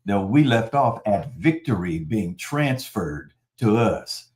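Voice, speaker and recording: A man preaching a sermon in a conversational, animated storytelling manner. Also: lowish voice, slow pace. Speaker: pastor.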